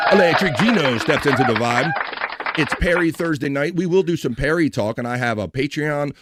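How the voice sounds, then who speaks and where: A man's voice: mid-range voice, no echo. A man hosting a casual live stream, chatting and joking as he reads out viewers' messages. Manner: chatty, reads chat messages aloud, jokey.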